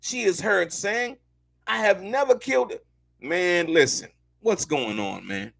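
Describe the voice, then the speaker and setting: A man's voice: sits high, expressive, measured pace, creaky, fairly bright tone, no echo. A man hosting a live show, commenting on court news in a loose, slangy way, repeating himself and talking straight to his viewers.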